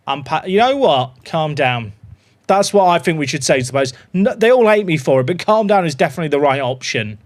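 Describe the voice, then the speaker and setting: A man live-streaming a football management game, chatting excitedly to his viewers and reacting to every goal. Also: a little high, fairly quick. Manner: excitable, chatty, talks to his dog and chat. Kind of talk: live gameplay commentary.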